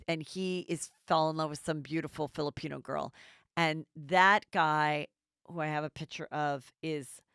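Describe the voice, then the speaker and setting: Woman, gossip podcast host, casual, blunt, swears, resonant voice, low-ish pitch. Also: fairly bright tone, clean tone, dry recording, clean studio sound. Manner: blunt, chatty, swears freely.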